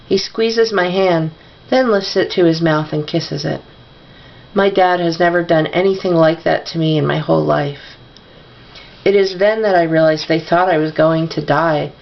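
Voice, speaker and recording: A woman's voice: deep voice, a little slow, creaky, highs cut off. A woman reading a novel aloud, giving the dialogue mild shifts of voice. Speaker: audiobook reader.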